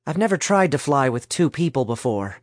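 A man voicing a blunt, sharp-tongued young woman who speaks matter-of-factly, in a storybook reading. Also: mid-range voice, sing-song, brisk, dry recording, studio quality, lightly acted.

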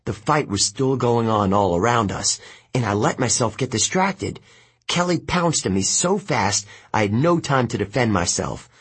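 A man narrating an audiobook in the first person, telling the story in a steady, even way. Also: medium pitch, normal speed, husky.

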